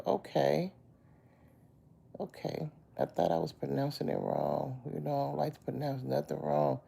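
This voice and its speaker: A woman's voice: very deep voice, vocal fry, mellow, a little hiss or hum. A sick woman with a chest cold, lying in bed and chatting on a phone live stream, greeting viewers by name and calling them baby. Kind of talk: casual live-stream chat.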